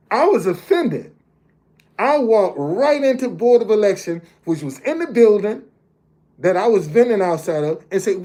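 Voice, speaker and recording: A man's voice: sits high, lively intonation, moderate pace, warm tone. A man in his fifties or older telling a personal story as a motivational speaker. He talks plainly to his listeners and often stops to repeat words as he builds a point. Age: 50s or older. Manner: plain-spoken, addresses listeners directly. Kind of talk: storytelling monologue.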